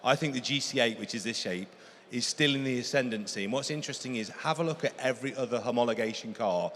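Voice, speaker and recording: A man with an English accent giving enthusiastic expert commentary on classic cars, fast and persuasive. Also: mid-range voice, a bit bright. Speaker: car expert co-presenter. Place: auction venue. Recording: long hall reverb with faint ambient noise.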